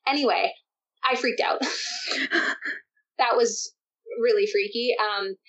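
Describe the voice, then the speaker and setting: Young woman chatting about surfing, kinda high voice, lots of laughing, muffled lo-fi sound. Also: slow. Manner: animated storytelling with frequent laughs. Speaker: interview guest, surfer. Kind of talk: casual interview chat. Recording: dull lo-fi sound.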